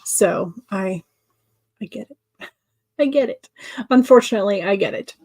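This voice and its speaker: A woman's voice: mid-range voice, animated, a little slow, dark tone. A woman hosting a writing-sprint livestream, chatting casually and answering viewer comments with many fillers and restarts.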